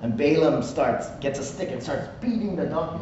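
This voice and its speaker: Male pastor, chatty sermon delivery, slightly high voice, far from the mic in an echoey hall. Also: expressive, moderate pace, warm tone, a little hiss or hum. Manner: conversational, asks "right?" often. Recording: echoey room, from far off, dull.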